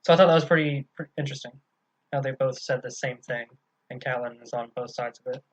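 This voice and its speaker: A man's voice: mid-range voice, fast talker, lo-fi sound. A man co-hosting a casual book discussion podcast, talking loosely with some swearing and reading quoted passages aloud. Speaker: podcast co-host.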